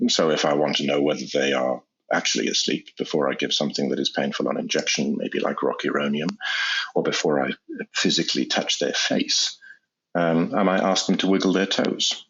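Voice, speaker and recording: A very low, gravelly male voice with a husky edge, heard over a dull, lo-fi recording. He is an anesthesiologist explaining his methods in a measured, careful way, often repeating a word as he restarts a sentence. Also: fairly even intonation, a bit bright. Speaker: anesthesiologist guest. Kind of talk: explanatory interview talk. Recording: dull lo-fi sound.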